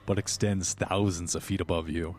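A man narrating as game master of a tabletop game, describing scenes in a relaxed, descriptive way. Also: low-pitched, moderate pace. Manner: descriptive, relaxed, with small restarts.

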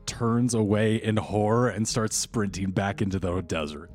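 A man runs a tabletop game, narrating scenes in a steady, descriptive way. His voice sits on the low side, and faint music plays underneath. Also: normal speed. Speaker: game master.

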